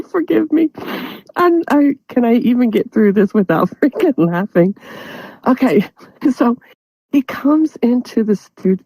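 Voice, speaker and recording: Giggly husky-voiced woman host. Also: fairly low pitch, warm tone, dry recording, poor audio. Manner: laughs through her words, giggly. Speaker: show host. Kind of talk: casual storytelling chat. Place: studio.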